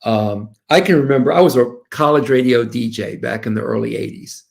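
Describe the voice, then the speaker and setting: An older man in his sixties, from the American South, talks as a guest lawyer in a relaxed interview. His voice has a gravelly, rough edge, and he tells stories with plenty of animation, slipping into the voices of the people he quotes. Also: mid-range voice, a little fast. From Southern United States. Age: 60s. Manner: animated, storytelling, quoting others. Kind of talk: casual interview talk.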